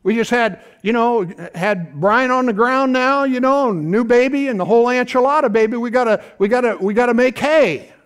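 High-voiced man preaching folksy. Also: moderate pace, hardly any pauses, smooth. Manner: folksy, animated preaching with rhetorical asides. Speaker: pastor. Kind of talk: sermon.

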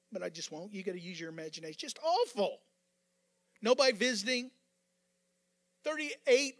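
A man over fifty preaching a sermon as pastor, fervent and repetitive, building up to yelling with joking asides. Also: extremely high pitch.

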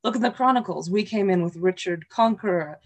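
A woman's voice: medium pitch, fairly quick, lightly acted. A woman reading the part of a drunk, boastful male tinker in a Shakespeare play reading, blustering and defiant.

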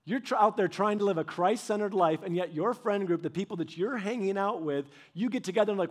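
A man with a notably high speaking voice delivers a sermon. His style is conversational and anecdotal, and he often turns to address his listeners directly. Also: fairly quick, few pauses. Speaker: pastor.

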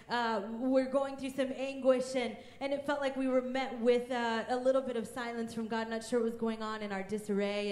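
A woman's voice: high voice, echoey room. A woman in her thirties preaching a sermon as pastor, emphatic and fervent, often raising her voice.

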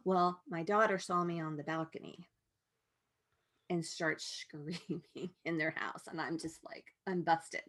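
A woman guest telling a personal story in a frank, halting way, with many restarts and asides. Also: sits low, steady tone, a bit bright.

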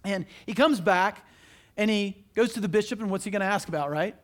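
A man preaching a sermon as pastor, telling a story in an animated, emphatic, conversational way in a church. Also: high voice, fairly quick.

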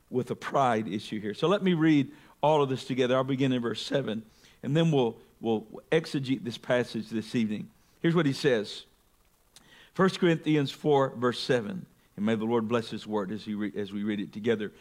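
A male pastor teaching through a Bible passage, reading scripture aloud with rising emphasis and slowing on key words. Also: medium pitch, darkish tone. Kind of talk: expository sermon.

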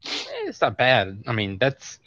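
A man's voice: fairly low pitch, a little slow, dry recording, lo-fi sound. A man co-hosting a casual sports podcast, jumping in with stats and jokes. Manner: lively, jumps in with stats and cracks. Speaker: podcast co-host. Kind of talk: casual chat.

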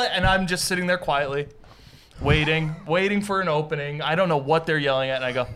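A man's voice: on the high side, a little fast, fairly bright tone, smooth. A man co-hosting a casual podcast, telling a story and acting out his friends' lines. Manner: storytelling, acts out friends' voices. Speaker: podcast co-host.

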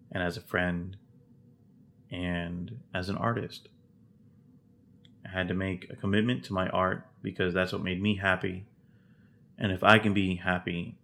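A man's voice: lowish voice, creaky, fairly bright tone. A middle-aged man hosting a solo podcast, talking earnestly and from the heart, rambling with restarts. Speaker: podcast host.

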